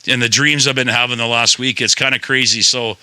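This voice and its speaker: A man's voice: mid-range voice, fairly even intonation, fairly quick, sharp tone, smooth, dry recording. A man hosting a podcast in rambling, playful, swearing casual chat. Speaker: podcast host.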